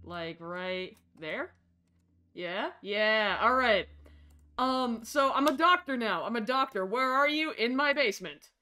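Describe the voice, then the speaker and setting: A woman streaming a game from her basement, chatty and excitable, with game music behind her. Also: a little high, slow. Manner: excitable, chatty, bursts into shrieks and laughter. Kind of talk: casual gameplay streaming. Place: home basement.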